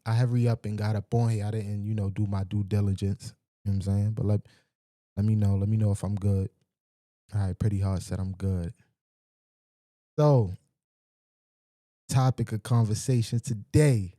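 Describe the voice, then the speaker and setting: A man hosts a livestream and talks straight to his chat in a loose, slangy, profane way. His voice sits low and sounds very dark and mellow. The sound is dry and close. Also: dry recording. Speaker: livestream host. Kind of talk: casual livestream chat with viewers. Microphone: desk microphone with mic checks.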